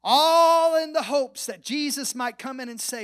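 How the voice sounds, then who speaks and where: A pastor preaches at a measured pace, hardly pausing, in a very high-pitched voice. His story alternates strongly between loud and soft, and he lowers his voice to almost a whisper at the ends of phrases for emphasis.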